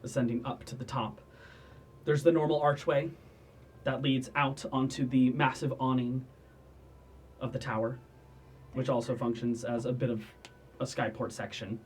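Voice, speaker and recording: Male game master, mid pitch, laughs easily, faint hiss behind. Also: level tone, normal speed, long pauses. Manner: laughs often, apologetic asides. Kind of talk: narrating a tabletop game.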